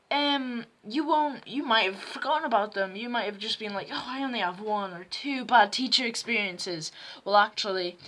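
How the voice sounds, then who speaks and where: A woman's voice: a little high, pushed and bright. A teenage girl telling rambling, self-mocking stories to camera at home. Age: teens. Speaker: vlogger. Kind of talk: casual storytime chat to camera.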